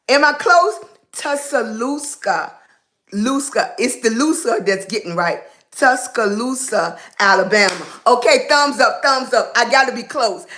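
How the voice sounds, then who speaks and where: A woman's voice: sits high, bright, forceful tone. A woman hosting a casual live stream, playful and teasing, stumbling over a word and laughing at herself. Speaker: livestream host.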